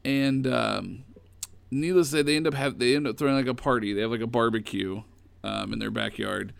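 A man casually retelling old comic stories in a rambling, animated way. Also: mid-range voice, fast talker, creaky, dry recording. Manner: rambling, animated storytelling with fillers.

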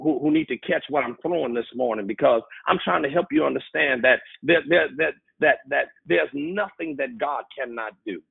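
Gravelly-voiced pastor preaching over a phone line. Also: male voice, medium pitch, no room sound. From California. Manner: repetitive stammering, rising to excited preaching. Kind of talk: sermon. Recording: tinny phone-line sound.

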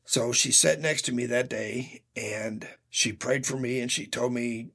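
A man's voice: mid-range voice, fairly even intonation, normal speed, gravelly, hardly any pauses, fairly bright tone, breathy edge. A man telling his personal faith testimony in an earnest, heartfelt way, speaking directly to his listeners.

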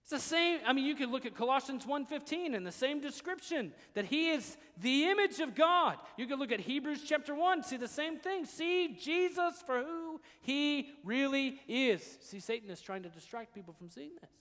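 A man preaching a sermon as pastor, dropping to hushed, quiet passages and then rising to loud, emphatic declarations. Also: very high voice, expressive, moderate pace, few pauses, in a large hall.

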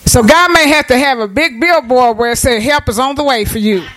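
In church, a woman preacher gives a homey, conversational sermon, calling on the congregation for amens in a call-and-response style. Her voice is high and fairly bright, and she talks a little fast on a low-quality recording.

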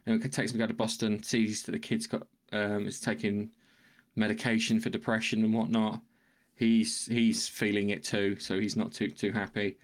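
A man co-hosting a podcast, retelling a film plot in a loose, rambling way, hunting for words and swearing casually. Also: lowish voice. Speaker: podcast co-host. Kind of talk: casual film review chat.

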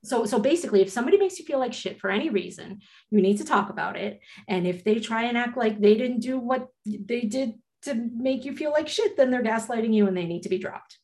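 A woman's voice: fairly high pitch, expressive, fairly quick, few pauses, darkish tone. Blunt, joking woman podcast co-host. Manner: blunt, joking, swears casually. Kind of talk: casual chat.

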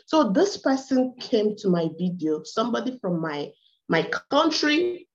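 Igbo-accented nigerian woman, slow emphatic talk, kinda muffled lo-fi audio. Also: a little high, sing-song. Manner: emphatic, proud, repeats words for stress. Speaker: guest. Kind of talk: conversational interview. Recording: dull lo-fi audio.

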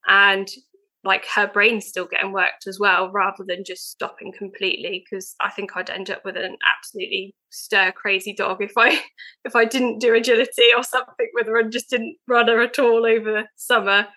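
Woman, young, bright-toned podcast guest, eager and filler-heavy. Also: medium pitch, flat delivery, normal speed, low-quality recording. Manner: chatty and eager, many fillers. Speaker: guest, veterinary nurse. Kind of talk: casual podcast chat.

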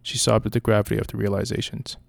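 A man narrating a dark short story in a flat, steady way. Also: lowish voice, fast talker, creaky, dry recording. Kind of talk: story reading.

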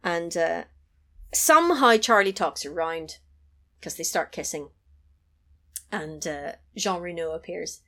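Lively woman telling a story. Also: lowish voice, slow pace, long pauses. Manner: animated storyteller who swears and laughs easily. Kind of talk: casual chat, retelling a film.

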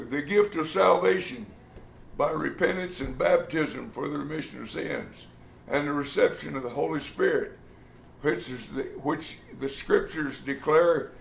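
Gravelly preacher in an echoey room. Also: male voice, a little high, slight background noise. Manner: emphatic, acts out quoted speech, occasional restarts. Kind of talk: sermon.

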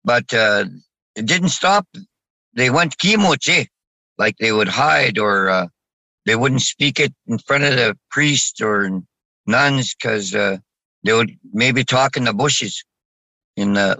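Bright-voiced man speaking haltingly. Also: mid-range voice, dry recording, low-quality recording. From Saskatchewan, Canada. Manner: halting, with many restarts and fillers. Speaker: guest. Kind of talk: casual interview talk.

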